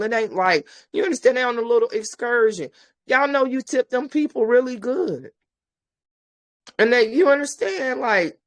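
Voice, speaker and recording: A woman host giving blunt, profane commentary, ranting with exasperation to her listeners. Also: fairly high pitch.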